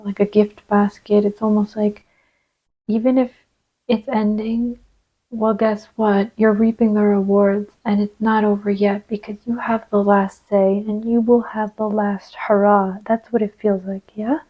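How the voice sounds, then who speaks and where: A woman giving a channeled card reading, gentle and reassuring, sometimes dropping to a soft whisper as she places cards. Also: mid-range voice, little pitch movement, measured pace, lo-fi sound. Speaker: tarot reader.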